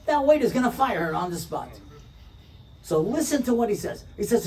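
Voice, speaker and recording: At a normal speed, a rabbi giving an inspirational talk tells a story, animatedly acting out each character's lines in their own voices. His mellow voice sits slightly high for a man, and he's recorded from a distance over a faint room hum.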